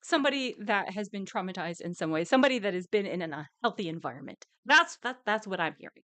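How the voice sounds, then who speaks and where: Brief: woman streamer, live reaction rant, heated and cursing, average pitch, dry close sound. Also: expressive, fast, pushed and bright, no echo. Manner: angry, ranting, swearing, with bursts of laughter.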